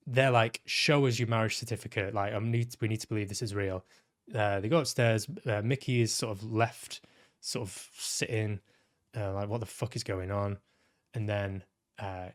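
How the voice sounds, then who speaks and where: A man giving a blunt, casual film review as a podcast host, swearing often and restarting his sentences. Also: on the low side. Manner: blunt, frequent swearing, many restarts and repeated words.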